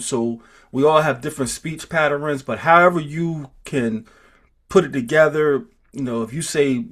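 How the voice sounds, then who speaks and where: A man teaching an informal group class, talking slowly and thinking aloud, with many restarts and repeated words. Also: medium pitch. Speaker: teacher of a Hebrew roots class.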